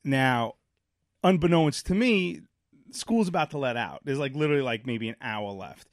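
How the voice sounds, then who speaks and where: A man from Brooklyn telling a story in casual chat, rambling and animated, full of fillers and acted-out quotes. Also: medium pitch, moderate pace, dry recording, clean studio sound. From Brooklyn, New York. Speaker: podcast co-host.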